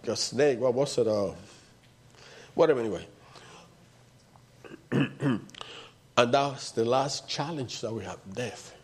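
A man's voice: medium pitch, a little mellow. A man preaching a sermon, repeating his points and building to emphatic outbursts.

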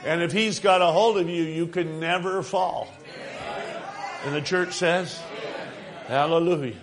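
Delivering a sermon, this slightly high-voiced man is emphatic and earnest, drawing out important phrases and filling the gaps between ideas with filler words.

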